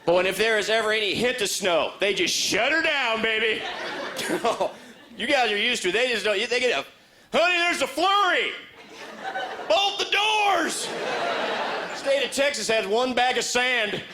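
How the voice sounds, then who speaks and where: A man doing a stand-up comedy set in a club, animated and slipping into high character voices. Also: moderate pace. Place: comedy club stage with a laughing audience. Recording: live club recording with crowd and noise.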